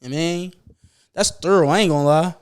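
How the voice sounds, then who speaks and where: A young man hosting a podcast, chatting casually and profanely, getting animated and louder as he gets excited. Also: fairly high pitch, moderate pace, clear, resonant tone. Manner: animated, profane storytelling, rising loud when excited. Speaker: podcast host. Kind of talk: casual chat.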